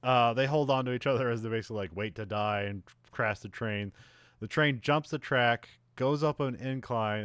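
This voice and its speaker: A podcast host recapping a film in a casual, rambling way, full of fillers and restarts, laughing at the plot now and then. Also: male voice, on the low side, fairly bright tone, clear, resonant tone, no room sound.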